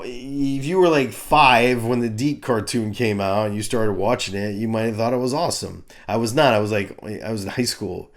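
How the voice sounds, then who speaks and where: Ranting middle-aged man reviewing cartoons. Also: lowish voice. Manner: ranting, animated, crude. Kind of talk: comedic rant review.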